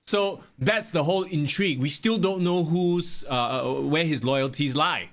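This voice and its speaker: A man hosting a casual wrestling podcast, talking in an animated way with swearing and sudden exclamations. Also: on the high side, measured pace. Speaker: podcast host.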